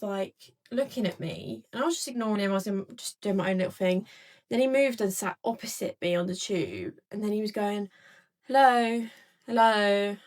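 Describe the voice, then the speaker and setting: A young woman casually telling a long story to camera, rambling with many fillers and acting out both sides of a conversation. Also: medium pitch. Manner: chatty, rambling, filler-heavy retelling.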